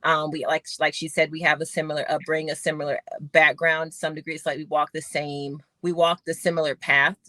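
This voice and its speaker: A woman's voice: low-pitched, a little fast, few pauses, no echo. A woman in her forties from Arizona, a former sprinter, telling stories in a casual podcast interview, acting out quotes. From Phoenix, Arizona, USA. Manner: animated storyteller, acts out quotes. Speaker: guest, former Olympic sprinter.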